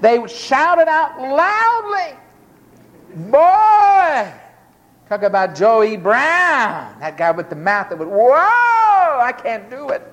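A woman preaches a sermon with emphatic drama, sinking to low murmurs and climbing to high exclamations as she plays the characters in her story.

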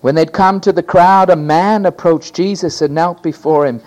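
A man delivers a sermon in a voice on the high side, moving at normal speed with few pauses. He swings between emphatic shouting and a hushed near-whisper, repeating key phrases for effect.

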